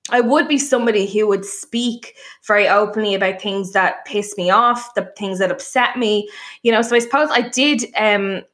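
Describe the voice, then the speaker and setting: A woman chatting casually on a podcast, telling stories in a blunt, animated, sweary way. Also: medium pitch, moderate pace. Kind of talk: casual chat.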